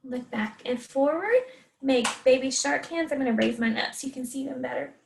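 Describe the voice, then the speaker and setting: Gentle woman instructor for kids yoga, high pitched, slightly off mic. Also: animated, normal speed, creaky, recorded from a distance. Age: adult. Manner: gentle, encouraging, talks to a child.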